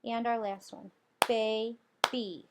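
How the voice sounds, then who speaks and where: A woman's voice: a little high, a little slow, very noisy. A woman teacher guiding children through a spelling lesson, patiently sounding out letters and syllables.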